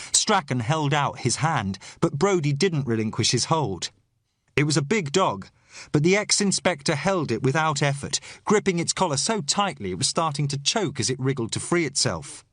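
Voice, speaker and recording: A man reads a first-person mystery novel with measured, expressive storytelling. His pitch moves a lot across each phrase. The recording is dry and close. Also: no echo. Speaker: audiobook narrator.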